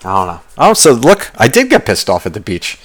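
Profane rambling man, lowish voice. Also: fairly quick. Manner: profane, rambling, animated storytelling. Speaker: podcast host. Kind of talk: casual ranting monologue.

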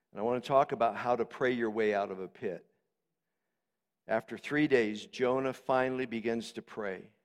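A man preaching a sermon as pastor, moving from quiet, steady teaching into shouted, passionate swells. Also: mid-range voice. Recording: long hall reverb.

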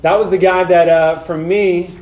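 Young male speaker, high-pitched and animated, casual sermon delivery, echoey room. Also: moderate pace. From Southern California. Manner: casual, animated, talks directly to the audience. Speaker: speaker at a men's retreat.

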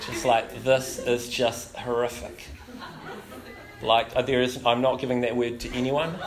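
A man's voice: mid-range voice, little pitch movement, a little slow, loud music behind the voice. A man, a pastor preaching a sermon full of self-deprecating stories and many fillers. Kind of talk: sermon with humorous storytelling.

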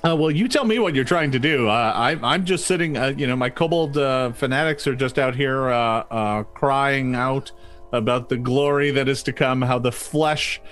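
A man's voice: medium pitch, moderate pace, a bit bright, faint music behind. Hesitant male game master. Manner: hesitant, many ums and restarts. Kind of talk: narrating a tabletop game.

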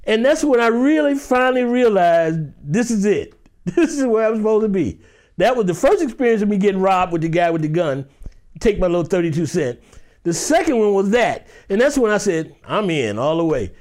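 Male actor from Detroit, expressive storyteller, higher voice, very animated delivery. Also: moderate pace. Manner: animated, acts out every voice in the story. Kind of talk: storytelling in a chat.

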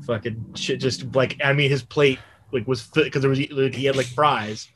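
A man's voice: mid-range voice, steady tone, moderate pace, a bit bright, a little hiss or hum. A young man telling a casual, rambling story on a podcast, swearing freely and padding his sentences with "like.". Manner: rambling, profane, full of "like" fillers.

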